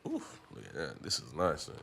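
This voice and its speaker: A man with a very low voice hosting a casual podcast. He speaks in a laid-back, slangy way and keeps nudging his guest along with questions. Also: wildly swooping pitch, moderate pace, creaky, pushed and bright, slightly rough. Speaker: podcast host. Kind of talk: casual interview chat.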